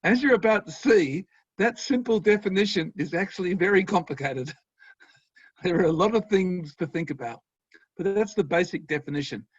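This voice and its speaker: A man's voice: high-pitched, normal speed, husky, dry recording. Upbeat Australian man lecturing online. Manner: enthusiastic, friendly, chuckling. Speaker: guest lecturer. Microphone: video call. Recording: dry, slightly dull sound.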